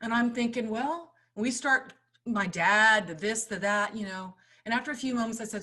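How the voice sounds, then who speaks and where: A middle-aged woman giving an impassioned motivational talk, swinging between loud urging and hushed storytelling. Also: fairly high pitch, normal speed, hardly any pauses. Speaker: summit speaker.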